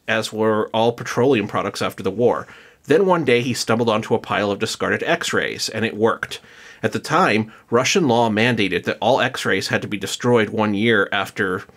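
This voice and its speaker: A man's voice: on the low side, a bit bright. Give me a casual, joking male podcast co-host who reads his notes in a loose, rambling way. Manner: jokey, loose, many fillers and restarts. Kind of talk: casual chat, reading notes.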